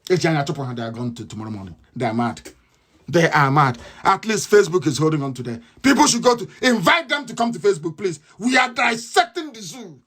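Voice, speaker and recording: A man's voice: a little high, very animated, brisk, a bit bright. Fiery man broadcasting. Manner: impassioned, repetitive, mocking. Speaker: radio broadcaster. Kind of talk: live radio broadcast monologue.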